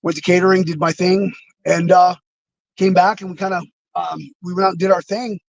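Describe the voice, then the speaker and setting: A man with a high, gravelly voice tells stories from his career in a loose, rambling way, full of fillers and restarts. He talks over a video call, and the sound is dry and close. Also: flat delivery, a little fast, no room sound, dull audio. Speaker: interview guest, former wrestler. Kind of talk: casual storytelling.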